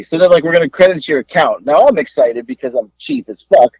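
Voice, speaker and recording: A man with a husky, slightly high voice tells a rambling story on a casual podcast. His pitch swings widely as he acts out each side of a phone call. The sound is dry and a little dull, like a lo-fi recording. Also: animated, quick pace, a little mellow, dry recording. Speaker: podcast co-host.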